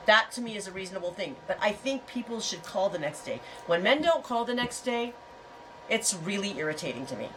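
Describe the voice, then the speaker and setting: A woman's voice: mid-range voice, fairly bright tone, far from the mic, slight background noise, low-quality recording. A middle-aged woman hosting a casual livestream chat, talking in a frank, rambling way and telling stories with animation. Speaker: host.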